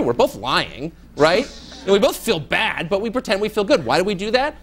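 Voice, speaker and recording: A middle-aged journalist speaks at a brisk clip in a high voice with big pitch swings. As a guest in a candid Q&A, he answers students sardonically and parodies people with mock voices.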